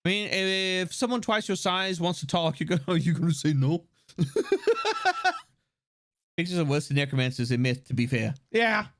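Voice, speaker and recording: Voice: mid-range voice, fairly quick, few pauses, a bit bright. A livestreamer giving casual, joking gameplay commentary, swearing freely along the way.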